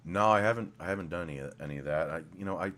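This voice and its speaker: A man's voice: sits low, very fast, a bit bright, a little hiss or hum. A man casually commenting while streaming a game, rambling and swearing, with mumbled asides, speaking into a desk microphone.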